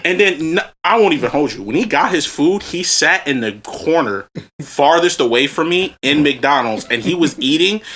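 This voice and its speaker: A man's voice: fairly high pitch, lively intonation, moderate pace, a bit bright. A man co-hosting a podcast, telling a profane, angry story and laughing as he goes. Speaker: podcast co-host.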